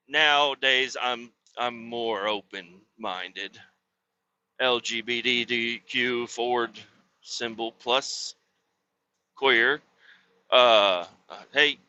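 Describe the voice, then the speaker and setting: A man's voice: medium pitch, takes it slowly, sharp tone, highs cut off. A man hosting a podcast, telling a rambling, crude story in casual chat with lots of swearing. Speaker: podcast host.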